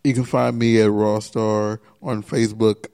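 Gravelly male podcast host. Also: lowish voice, level tone, unhurried, warm tone. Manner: rambling, many fillers. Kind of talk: casual chat.

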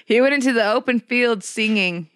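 A woman's voice: a little high, normal speed, fairly bright tone, smooth, dry recording, clean studio sound. A woman co-hosting a comedy podcast, retelling a fairy tale with wry, profane asides. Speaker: podcast co-host and storyteller.

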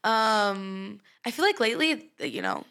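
A woman's voice: medium pitch, wildly swooping pitch, a little slow, sharp tone. A young adult woman co-hosting a podcast in casual chat, giggly and chatty with lots of fillers. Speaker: podcast co-host.

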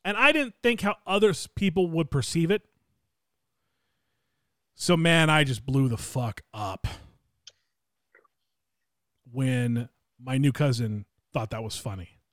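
A man co-hosting a podcast, telling a story in a casual, profane way that swings between loud and quiet. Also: mid-range voice, takes it slowly, pauses often, no room sound, clean studio sound. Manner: animated, swings loud and quiet, swears a lot. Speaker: podcast co-host.

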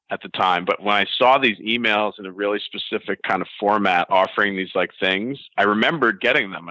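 A man telling an interviewer a story in a casual, animated way, laughing at himself. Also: on the low side, no echo, low-quality recording. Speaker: interview guest.

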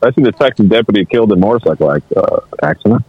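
A man chats as co-host over a remote line that sounds dull and dry. His voice has a lot of pitch movement, and his manner is relaxed and teasing. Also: very fast, breathy edge, no room sound. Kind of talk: casual chat on a live show.

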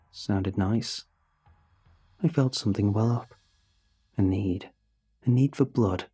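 A man narrating a first-person horror story in a measured, even storytelling manner. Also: on the low side. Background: faint music.

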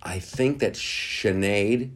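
A man giving a casual spoken monologue, animated and profane, who riffs in quick put-on voices. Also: on the low side.

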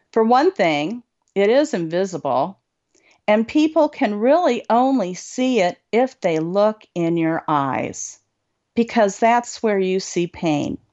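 A woman hosting a support group show, calmly coaching listeners on what to say to people. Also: on the low side. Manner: slow, deliberate, coaching. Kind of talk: advice talk to listeners. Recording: dull lo-fi recording.

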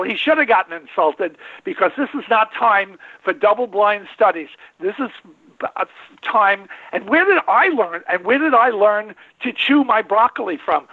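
A man in his late seventies, a veterinarian who hosts a call-in radio show, speaks in a high voice. He's rambling, folksy and emphatic, repeating himself for effect, and the dry recording has a tinny phone-line sound.

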